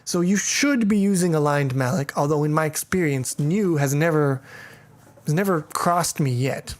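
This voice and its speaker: A man's voice: a little high, normal speed. Irreverent, joking man teaching code. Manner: irreverent, joking, profane asides; thinks aloud with fillers and restarts. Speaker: programming teacher. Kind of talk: casual coding tutorial.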